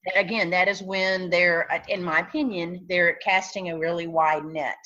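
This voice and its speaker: A woman's voice: on the low side, steady tone, moderate pace, bright, forceful tone, highs cut off. A woman who owns a talent agency, speaking frankly in an interview and often restarting her sentences. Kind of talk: conversational interview.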